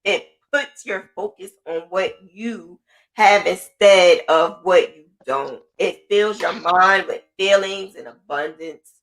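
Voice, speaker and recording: Slow-paced and lowish in voice, a woman hosting a podcast chats through a casual monologue with a motivational bent and frequent fillers. When quoting her own thoughts, her voice jumps up with excitement.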